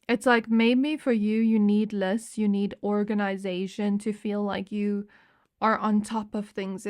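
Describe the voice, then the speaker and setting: A young woman doing a pick-a-card tarot reading. She talks in a loose, meandering way, circling back with "like" and restarting her sentences. Her voice sits at a mid pitch. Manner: chatty, meandering, fillers and restarts. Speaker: tarot reader.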